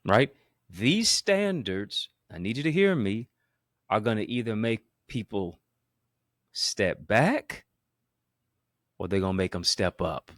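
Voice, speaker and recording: A man with a very low, deep voice delivers a motivational talk straight to his listeners. He speaks emphatically, in a rolling, preacher-like cadence that leans on repetition and wordplay. The sound is dry and close, with no room around it. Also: expressive, slow, pauses often, fairly bright tone, no echo. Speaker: motivational speaker and show host.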